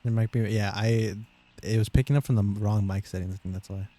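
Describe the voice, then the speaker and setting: A man's voice: on the low side, steady tone, brisk, dark tone. A young American man chatting casually with friends on a stream, joking and teasing them and laughing often.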